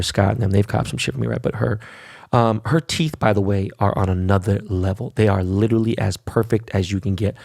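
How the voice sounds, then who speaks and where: A New York podcast host delivers a brash, casual monologue, swearing constantly and tacking "right?" onto his sentences. His voice is lowish, creaky, and a little mellow. The clean studio recording has no room sound.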